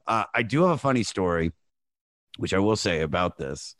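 A man's voice: low voice, expressive, moderate pace, dry recording. A man telling a long story in casual podcast chat, rambling with many fillers. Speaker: podcast guest.

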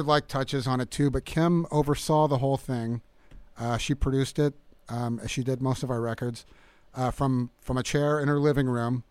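A middle-aged man talking as a guest musician in a casual interview, halting with many fillers and restarts. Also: mid-range voice, clear, resonant tone, no room sound.

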